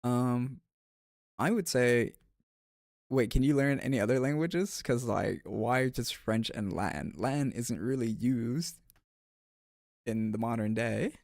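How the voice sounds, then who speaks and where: A man's voice: medium pitch, takes it slowly, creaky, long pauses, darkish tone, dry recording, studio quality. A man streaming and chatting casually with viewers, rambling with frequent restarts and filler words. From United States.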